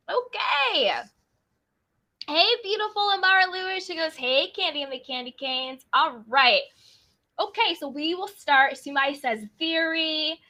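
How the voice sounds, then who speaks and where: A woman's voice: sits high, bright, forceful tone. A woman hosting a casual live stream, greeting viewers by name in a bubbly, chatty way. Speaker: livestream host.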